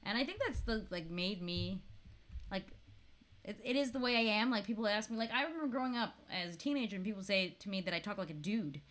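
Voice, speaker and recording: A woman's voice: mid-range voice, fast, a bit bright. A woman in her thirties from Florida, chatting casually to camera as a vlogger, laughing often and swearing freely.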